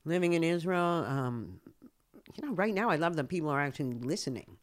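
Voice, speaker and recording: An older woman from Canada chats in a relaxed interview. She tells wry anecdotes, drops into other people's voices to act them out and laughs often along the way. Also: low voice, a little fast. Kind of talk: casual interview chat.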